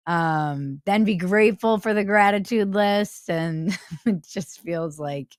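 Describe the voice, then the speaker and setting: A woman's voice: on the low side, takes it slowly, dry recording, clean studio sound. A woman hosting a podcast, chatting candidly, laughing often and swearing casually. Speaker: podcast host, comedian. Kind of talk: casual chat.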